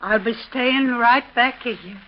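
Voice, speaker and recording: A woman's voice: a little high, takes it slowly. An actress playing a chatty, rambling landlady in a 1930s radio drama. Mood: gossipy. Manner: rambling, gossipy storyteller. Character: chatty Irish landlady, fussing and loyal. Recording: dull lo-fi 1930s radio recording.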